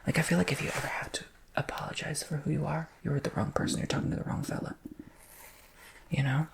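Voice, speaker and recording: A man hosting an ASMR channel, talking in a soft, rambling, emotional way that slips into whispers, often asking "you know what I'm saying?". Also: on the high side, fairly even intonation, quick pace, gravelly. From Macedonian-American family. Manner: drifts between soft talk and whispers. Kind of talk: soft-spoken ASMR chat.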